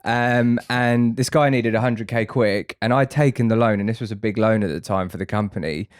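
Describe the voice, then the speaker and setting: A man's voice: lowish voice, moderate pace, smooth, no echo, clean studio sound. A man telling a long funny story on a podcast, swearing freely and laughing along. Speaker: podcast co-host. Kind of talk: casual storytelling.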